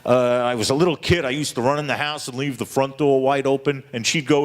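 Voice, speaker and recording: A man's voice: mid-range voice, brisk, few pauses. A man performing a stand-up comedy set with punchy delivery, laughing at his own jokes.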